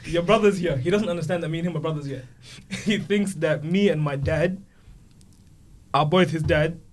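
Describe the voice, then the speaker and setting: A young man spinning family stories on a casual podcast, with a slightly high voice and very animated delivery. He jumps into the voices of the people in his stories as he goes. Faint noise hums behind him. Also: moderate pace. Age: 20s. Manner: animated storyteller, acts out voices of kids. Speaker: podcast co-host. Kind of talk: casual storytelling chat.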